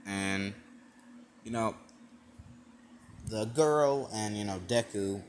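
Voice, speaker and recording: A man's voice: on the low side, slow, long pauses, slight background noise. A young man improvising a fan-fiction retelling, rambling with lots of fillers and restarts. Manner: rambling, full of "like" and "you know", restarts. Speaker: fan storyteller.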